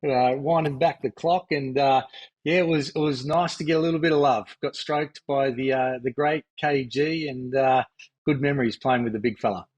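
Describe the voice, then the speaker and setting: A husky-voiced Australian man in his fifties talks as a podcast guest about his playing days. His pitch sits in the middle range, and his delivery is relaxed and rambling, with plenty of fillers. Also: moderate pace, dull audio. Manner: easygoing, reminiscing, frequent fillers. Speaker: guest, former pro basketball player. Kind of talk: relaxed interview chat.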